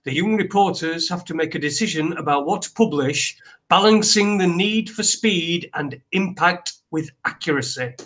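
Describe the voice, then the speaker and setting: A man co-hosts a casual news chat. His voice sits a little high for a man. He rambles, hesitates and restarts as he reads articles aloud. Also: moderate pace, a bit bright. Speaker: podcast co-host.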